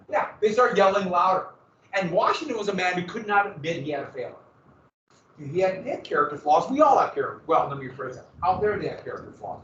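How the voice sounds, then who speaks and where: A man's voice: on the high side, slight background noise. Male history teacher, dramatic, far off. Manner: vivid dramatic storytelling with sudden loud bursts. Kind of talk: classroom lecture. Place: classroom. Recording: echoey, dull classroom recording from afar.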